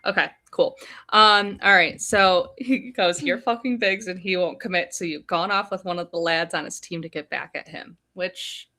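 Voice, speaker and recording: Podcast co-host, female, lower register, casual recap with quoted passages, on a video call. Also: normal speed. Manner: reads book passages aloud in a flat retelling, lively reactions. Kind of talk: casual book discussion on a live stream.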